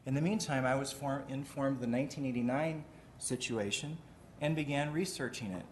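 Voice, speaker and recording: A man, the mayor, giving a measured, deliberate formal address at a city committee meeting in a council chamber. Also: mid-range voice, slight background noise.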